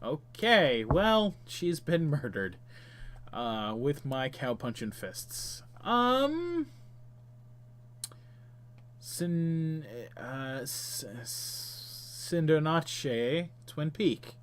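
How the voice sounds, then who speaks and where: A man's voice: a little high, sing-song, very slow. A man hosting a game stream, chatting casually and reading the game's text aloud while muttering to himself as he plays.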